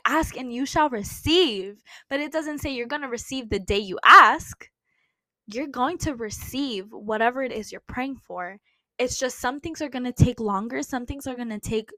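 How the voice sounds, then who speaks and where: A woman's voice: a little high, sharp tone, dry recording. A woman hosting a faith podcast, talking in a casual, earnest, rambling way with many fillers. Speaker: podcast host.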